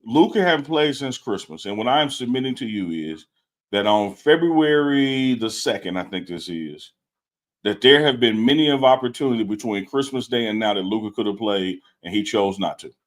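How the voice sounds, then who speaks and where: A man's voice: on the low side, animated, normal speed. Teasing, emphatic man debating sports. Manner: teasing, emphatic, repeats himself. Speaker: co-host. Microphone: live stream setup.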